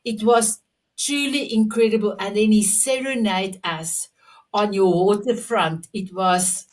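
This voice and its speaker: A woman hosting a live online author show, talking effusively with halting restarts and repetitions. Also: mid-range voice, far from the mic. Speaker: host.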